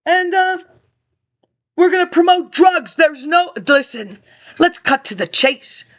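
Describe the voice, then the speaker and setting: A woman's voice: extremely high pitch, lively intonation, takes it slowly, fairly bright tone. A woman ranting about politics to an absent audience, confrontational and accusing, jumping from topic to topic.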